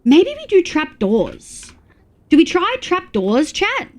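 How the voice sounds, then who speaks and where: A young woman chatting casually on a live game stream, bubbly and quick to laugh as she reads her chat aloud. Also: high-pitched, huge pitch swings, darkish tone. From Australia. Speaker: VTuber streamer.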